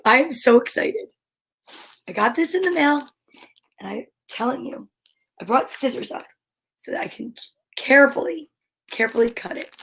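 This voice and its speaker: A woman hosting a show for young viewers, talking with gushing excitement and frequent gasps. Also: high voice, moderate pace, creaky, pauses often, husky. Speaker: children's show host. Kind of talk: enthusiastic talk to young viewers.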